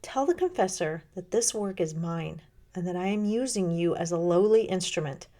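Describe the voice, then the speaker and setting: A woman reading aloud the words of Jesus as a calm, kind, reassuring man in a devotional reading. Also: on the low side, moderate pace, natural voice. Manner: gentle, reassuring.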